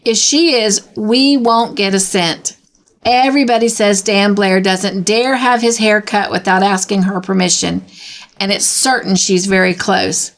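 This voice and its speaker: A woman's voice: mid-range voice, fairly even intonation, a little slow, natural voice. A woman reading aloud and voicing a chatty, gossipy teenage girl.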